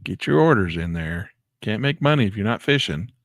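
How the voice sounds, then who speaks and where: Gravelly low-voiced guy hyped up calling his day trades live, dry sound. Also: fairly quick, dry recording. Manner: excitable, exclaims and talks to himself. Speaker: day trading educator. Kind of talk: live trading commentary.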